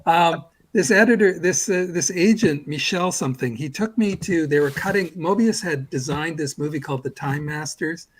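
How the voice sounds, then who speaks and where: Older man in his sixties, husky voice, pitched a bit high, casual rambling storytelling, self-deprecating. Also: normal speed, few pauses, rough recording. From Canada. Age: 60s. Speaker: guest comics artist.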